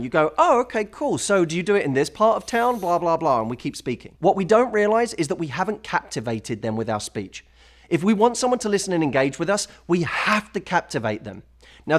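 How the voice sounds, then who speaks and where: Polished, upbeat advice-giving man. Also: a little high. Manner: polished, upbeat, acts out sample lines. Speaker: dating coach in a played video. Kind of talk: presenting advice to camera.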